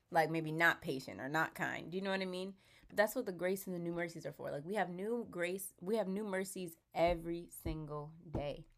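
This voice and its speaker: Low-voiced woman encouraging listeners. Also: fairly bright tone. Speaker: co-host of a faith podcast. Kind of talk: encouraging faith talk to listeners.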